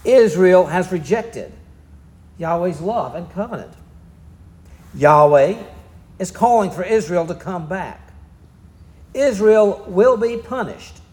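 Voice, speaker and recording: A man's voice: sits high, animated, takes it slowly, long pauses, warm tone, echoey room. A man with a Southern US accent preaching a sermon, telling the story in a folksy, easygoing way. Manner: folksy storytelling, drawling asides. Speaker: pastor.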